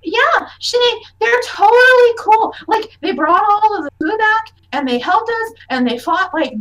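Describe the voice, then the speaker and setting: A woman voicing an excitable young girl who gushes with lots of fillers. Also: sits high, slow, distant mic, voice pushed up, full character voice, rough recording. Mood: eager.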